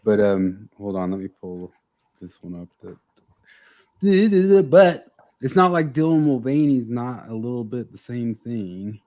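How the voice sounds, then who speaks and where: A man's voice: mid-range voice, animated, a little slow, mellow. A man co-hosting a casual podcast, laid-back and chuckling. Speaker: podcast co-host. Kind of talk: casual chat.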